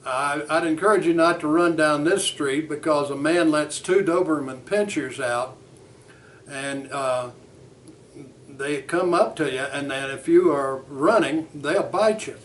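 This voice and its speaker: A man, a psychotherapist, teaching a lesson in a deliberate, measured way and acting out a session. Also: on the high side, a little hiss or hum. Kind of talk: teaching lesson with role-play.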